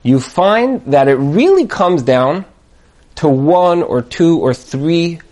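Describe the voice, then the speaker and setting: A man leads a Torah class in a high voice. His pitch leaps and drops as he acts out a husband and wife arguing over groceries. He speaks in a lively, storytelling way. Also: takes it slowly. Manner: animated storyteller, jumps high to act out quoted voices. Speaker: Torah teacher.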